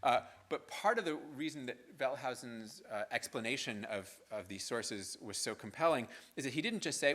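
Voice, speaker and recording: A man's voice: mid-range voice, animated, normal speed, few pauses, fairly bright tone. A man giving a university lecture in a loose, conversational way, full of fillers and checking in with "right?". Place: lecture hall.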